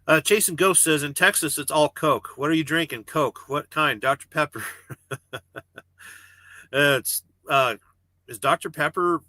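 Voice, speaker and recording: A man hosts a casual livestream from the cab of his parked truck and reads out viewer comments. He rambles and jokes, cursing freely. His voice is bright and tense, and it sounds dry and close. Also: on the high side, a little slow, long pauses, no echo. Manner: rambling, joking, swears freely. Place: parked truck cab with refrigerated trailer running.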